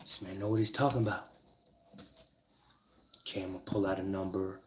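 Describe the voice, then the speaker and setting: A numerology teacher tells stories and teaches a numbers trick in a casual, profane, emphatic monologue. He has a deep voice with fairly even intonation and talks a little fast. The recording is very noisy.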